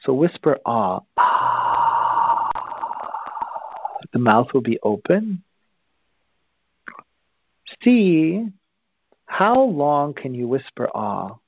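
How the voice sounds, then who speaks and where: Slow gravelly guy walking people through breathing, kinda dull lo-fi sound. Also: medium pitch, no echo. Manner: slow, calm, instructive with long pauses. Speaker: breathing teacher. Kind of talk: guided breathing exercise.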